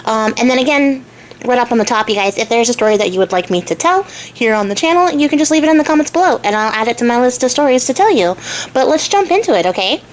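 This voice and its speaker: A woman's voice: on the high side, lively intonation, fast talker, a little hiss or hum. A young adult woman hosting a casual storytelling vlog, retelling a folk tale with chatty, irreverent asides. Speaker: storyteller and craft channel host.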